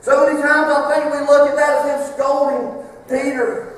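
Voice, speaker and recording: A pastor preaches a sermon in a high, fervent voice. He builds his points through rolling repetition. The sound is picked up far from the pulpit and rings with long reverb in a large church hall. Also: little pitch movement, moderate pace. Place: church sanctuary.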